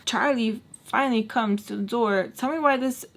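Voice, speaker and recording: A woman in her twenties telling a story on her vlog in a lively, casual way, full of "like" and swearing. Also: fairly high pitch, normal speed. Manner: animated, filler-heavy, swearing. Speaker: vlogger.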